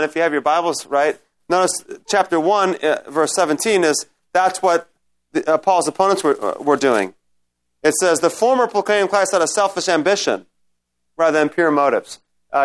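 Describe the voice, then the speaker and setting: This slightly high-voiced man teaches a Bible study in a chatty way, often pausing to check on his audience and beginning sentences over again.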